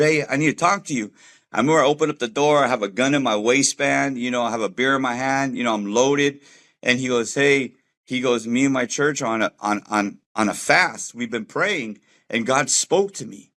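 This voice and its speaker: A man's voice: medium pitch, moderate pace, a bit bright. A middle-aged man telling his life story as a personal testimony in a loose, conversational way, full of fillers and acted-out quotes. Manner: conversational, acts out quoted voices, many fillers. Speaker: testimony speaker.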